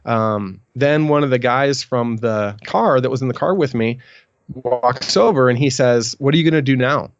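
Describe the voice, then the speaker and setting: A man's voice: medium pitch, normal speed, dry recording, dull audio. A middle-aged man, a podcast guest, recounting a story in a rambling way with many ums and restarts. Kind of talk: storytelling in an interview.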